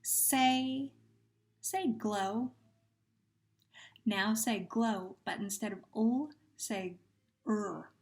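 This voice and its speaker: A woman teacher speaks at a deliberately slow pace, drawing out each word so young listeners can follow. Her voice sits at an ordinary pitch for a woman, and she walks through sound drills patiently, with gentle praise. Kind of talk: phonemic awareness lesson for young children.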